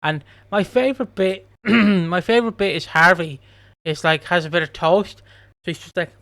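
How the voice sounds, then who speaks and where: A man's voice: high voice, normal speed, a bit bright, dry recording. A man co-hosting a podcast, chatting casually about a soap episode, swearing freely and acting out the characters' lines. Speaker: podcast co-host.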